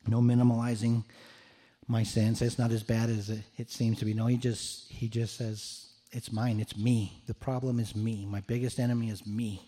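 A man's voice: mid-range voice, level tone, moderate pace, dark tone. A man preaching a sermon in an earnest way, often repeating words as he restarts his phrases. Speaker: pastor.

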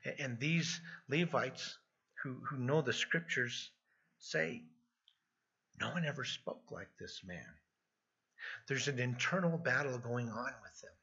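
Bright, husky-voiced man preaching. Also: mid-range voice, a little slow, pauses often. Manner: earnest, repeats words when emphasizing. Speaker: pastor. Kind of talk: expository sermon. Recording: dull lo-fi sound.

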